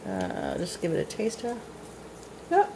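A woman's voice: on the low side, huge pitch swings, unhurried. A woman talks her viewers through a casual home-cooked dinner, chatting as she cooks and then eating on camera. She is pleased with her own cooking and sometimes talks with her mouth full. Faint kitchen noise sits behind her voice. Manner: chatty, self-praising, eats on camera while talking.

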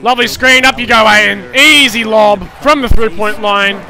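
Man, gaming YouTuber, high-pitched, bright and sharp tone, excitable play-by-play cheering, casual chat to viewers. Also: normal speed. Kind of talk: live gameplay commentary.

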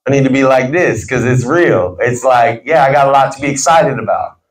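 A medium-pitched, expressive man talks fairly quickly as he motivates a sales team. The echoey meeting room carries his emphatic, preacherly delivery.

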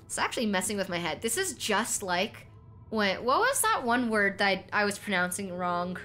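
A young woman streamer from North America rambles over her gameplay with a bright, clear tone and easy giggles. She restarts sentences often and keeps the talk loose and conversational, with quiet music playing faintly underneath. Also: mid-range voice, very animated, normal speed. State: voice cracking. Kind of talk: casual gameplay commentary.

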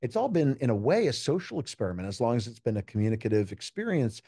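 A man's voice: mid-range voice, very animated, fast talker, mellow, husky, dry recording, studio quality. A man from the United States, a keynote speaker, talking in a casual interview and telling stories earnestly and reflectively. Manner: earnest, reflective storytelling with quoted dialogue. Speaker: keynote speaker and juggler, podcast guest.

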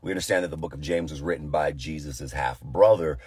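A man with a very low, husky voice leads a prayer and then chats informally through a devotional. He sounds earnest and a bit tired, often pausing on fillers and starting sentences over. The sound is close and dry, with no room echo. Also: a little mellow. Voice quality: deep, tired voice. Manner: earnest, conversational, with frequent fillers and restarts. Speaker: pastor. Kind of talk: prayer and casual devotional talk.

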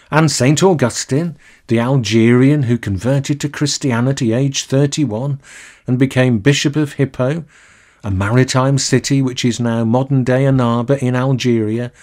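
A male minister giving a recorded sermon in a measured, deliberate way, slowing down to linger on key phrases. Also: mid-range voice, darkish tone.

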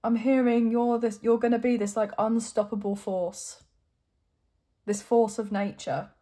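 A woman's voice: on the high side, level tone, a little slow, mellow. A young adult woman giving an encouraging, emotional tarot reading to her viewers, at times choked up. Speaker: tarot reader.

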